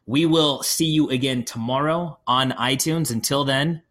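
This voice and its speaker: A male podcast host with a middle-pitched voice and a reflective, affirming way of talking. He thanks his guest warmly and asks open questions about what matters to him. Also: unhurried. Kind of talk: interview podcast.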